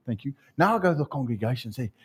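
A man's voice: mid-range voice, very fast, breathy edge. A man preaching a sermon to a congregation, telling stories and calling people up for a live demonstration. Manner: animated storytelling with live demonstration. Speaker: pastor. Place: church before a congregation.

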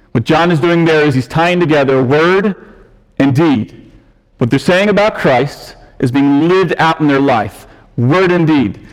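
A man's voice: on the high side, in a large hall, low-quality recording. A man preaching as a pastor, earnest and conversational, shifting his emphasis as he explains the text. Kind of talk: sermon. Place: church sanctuary.

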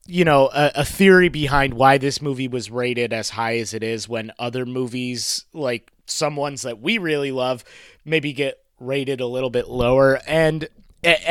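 A man's voice: medium pitch, fairly bright tone, clean tone, no echo. A man co-hosting a podcast, giving blunt, sarcastic, profane opinions on a movie. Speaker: podcast co-host. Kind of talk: casual movie review chat.

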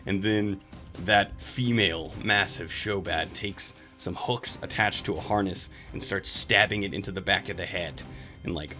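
A man's voice: deep voice, sharp tone. A man narrating a tabletop game as game master, casual and laughing at times.

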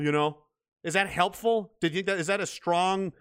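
A man's voice: sits high, fairly quick, a bit bright, clear, resonant tone. A man delivering a blunt, profane, combative monologue rant, often restarting and repeating words. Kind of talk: ranting monologue.

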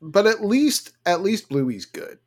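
A man's voice: high-pitched, sing-song, slow pace. A man in his thirties co-hosting a casual podcast, joking and playfully exaggerating. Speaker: podcast co-host. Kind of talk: casual chat.

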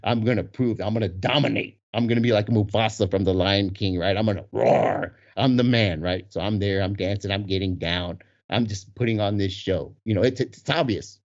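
A man telling a casual story with animated energy, laughing often and acting out the voices of the people in it. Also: fairly low pitch, moderate pace, hardly any pauses. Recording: dull lo-fi recording.

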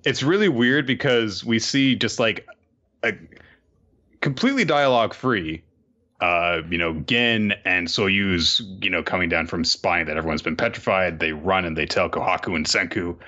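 Low-voiced male podcast co-host, punchy tone, relaxed and chuckling, slightly dull recording. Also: normal speed. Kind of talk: casual chat recapping a comic. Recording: dull lo-fi mic.

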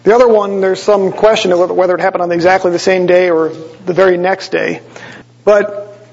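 A man's voice: sits high, level tone, normal speed, vocal fry, darkish tone. A man preaching a sermon to his congregation, explaining the text conversationally and with small asides to the listeners. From Wisconsin. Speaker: pastor. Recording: dull lo-fi sound with long church reverb.

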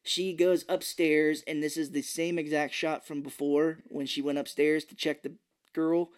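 A woman's voice: sits low, level tone, a little mellow. Sarcastic woman recapping a bad movie. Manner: sarcastic, acts out characters in quick asides. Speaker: podcast co-host. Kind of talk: casual movie recap chat.

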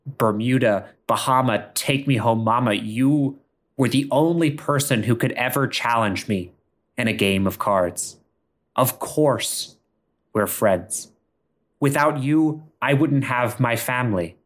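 A man voicing an earnest, loyal friend who speaks in a low, solemn, heartfelt way. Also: takes it slowly.

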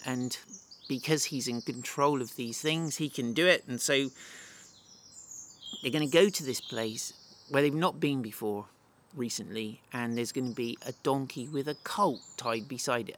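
A man with a slightly higher-pitched voice delivers a sermon. He reads passages aloud and then unpacks them with lively, chatty asides. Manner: animated, reads verses then explains them conversationally. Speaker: preacher. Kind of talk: sermon with scripture reading.

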